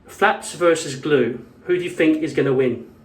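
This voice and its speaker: A man's voice: a little high, moderate pace. Ranting, foul-mouthed man in an echoey room. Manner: rambling, profane and ranting. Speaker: vlogger. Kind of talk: casual chat. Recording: echoey room, mic at a distance.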